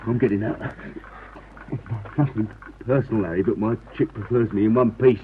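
A man's voice: fairly low pitch, moderate pace, narrow, tinny audio, background noise, natural voice. An actor playing a defiant man who runs off to save himself, with a curt manner, in a radio drama. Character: George, a selfish man bolting with a gun.

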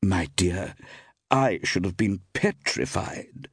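A man reading aloud, voicing a glamorous, gushing actress with affected, drawn-out endearments. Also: low voice, big pitch swings, gravelly, fairly bright tone, husky, no echo, clean studio sound, exaggerated voice.

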